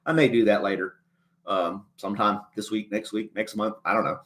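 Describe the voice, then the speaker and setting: A man hosting a casual livestream chat, rambling in a folksy way and chuckling often, a little choked up and clearing his throat. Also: lowish voice, fairly even intonation, fairly quick, fairly bright tone. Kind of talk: casual chat reading a live chat.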